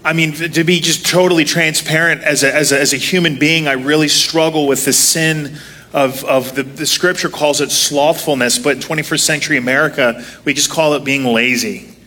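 Bright-voiced man preaching a casual sermon. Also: on the high side, steady tone, moderate pace. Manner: self-deprecating, joking storyteller. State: walking with a limp, sitting to preach.

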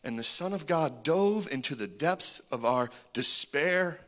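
A man preaching a sermon, animated, with joking asides and swings between loud calls and hushed remarks. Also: on the high side, a little slow. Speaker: pastor.

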